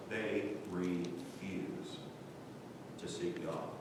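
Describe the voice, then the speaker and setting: A male pastor preaches a sermon full of fervent rhetorical questions, his intonation lively and his pace measured. It was captured live in a church sanctuary by a distant mic, so the hall sounds echoey and there's a faint rumble.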